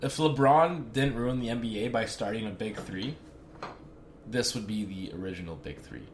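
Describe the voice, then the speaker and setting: A man's voice: lowish voice, normal speed, a little hiss or hum. A young man co-hosting a podcast, bantering in a crude, joking casual chat. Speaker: podcast co-host.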